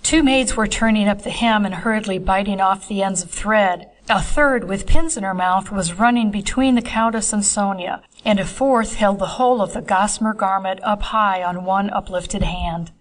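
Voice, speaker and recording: A woman narrating an audiobook chapter in a measured, even way. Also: medium pitch, rough recording. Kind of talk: scripted narration.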